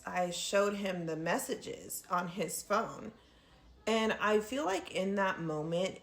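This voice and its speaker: A woman telling a personal story straight to her viewers in a casual, earnest way, often pausing and calling them "you guys". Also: lowish voice.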